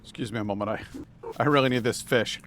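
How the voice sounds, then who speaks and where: A man's voice: medium pitch, quick pace, noisy background. A man livestreaming a video game, chatting playfully and reading dialogue aloud, slipping into silly voices for characters. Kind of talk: casual gameplay commentary with read-aloud dialogue.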